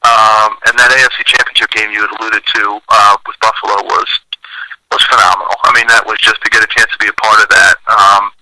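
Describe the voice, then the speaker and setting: Bright-voiced man telling stories. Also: lowish voice, flat delivery, a little fast, no echo, poor audio. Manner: chatty anecdotal storyteller with many fillers. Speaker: guest, former pro football lineman. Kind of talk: casual storytelling interview.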